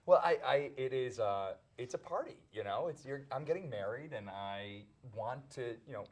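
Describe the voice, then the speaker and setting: A man, an actor guest on a talk show, telling a story in a lively way with frequent stumbles and restarts. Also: medium pitch, moderate pace.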